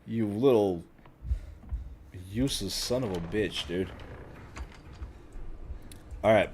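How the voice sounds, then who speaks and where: A man's voice: lowish voice, takes it slowly, long pauses, a little mellow, a little hiss or hum. A man streaming a game, muttering and swearing as he works out the controls. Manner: profane, swears a lot, frustrated muttering. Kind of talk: casual gaming commentary.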